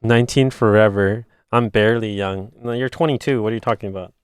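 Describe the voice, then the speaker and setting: A man's voice: quick pace, clean tone, no room sound, studio quality. A man in his twenties chatting casually with viewers while building a model kit, telling stories and mimicking his friends. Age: 20s. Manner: animated storytelling, imitating friends in a higher voice, swearing. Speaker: streamer.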